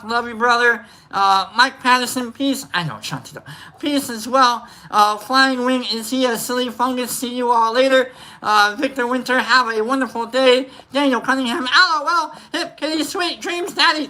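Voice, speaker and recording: A woman's voice: on the high side, bright, forceful tone. A woman co-hosting a livestream, casually reading out chat names with rambling, playful asides and sudden whoops. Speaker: livestream co-host.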